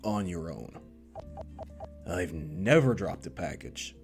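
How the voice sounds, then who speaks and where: Deep gravelly deadpan young man, a man playing him. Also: slow, soft background music, heavily acted. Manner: dry, deadpan teasing. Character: calm teasing young deliveryman. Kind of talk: visual novel voice reading.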